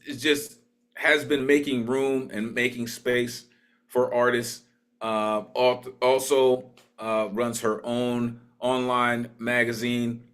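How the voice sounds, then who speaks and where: A man's voice: mid-range voice, fairly bright tone. A man hosting an online open mic over a video call, introducing poets with emphatic, repetitive praise.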